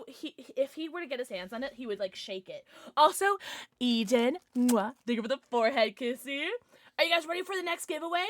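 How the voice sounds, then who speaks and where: A young woman streamer chatting casually and excitedly to her viewers, now and then cooing at her dog in baby talk. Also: a little high. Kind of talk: casual livestream chat.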